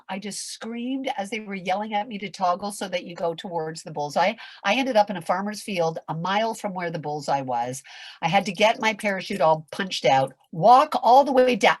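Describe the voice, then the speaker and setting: A woman's voice: mid-range voice, no room sound. An older woman, a veteran performer, telling a story in a podcast interview, acting out the voices and swearing freely as she goes. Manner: dramatic, acts out voices and shouts in her anecdotes; candid, swears casually.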